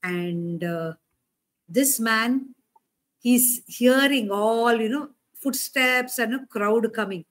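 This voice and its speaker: A woman's voice: on the high side, slow, a bit bright. A woman preacher giving a conversational sermon, often asking her listeners questions.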